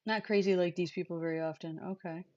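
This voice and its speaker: A woman's voice: on the low side, fast talker, muffled recording. Blunt, laughing woman hosting a casual livestream. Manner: animated, blunt, swears often, laughs a lot. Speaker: host.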